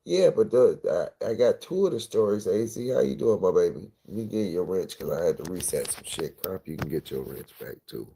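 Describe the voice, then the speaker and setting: A man livestreaming, telling a personal story in a rambling, profane, intense way with a gravelly voice. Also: sits low, lively intonation, fairly quick, few pauses, mellow, slight background noise. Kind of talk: emotional storytelling monologue.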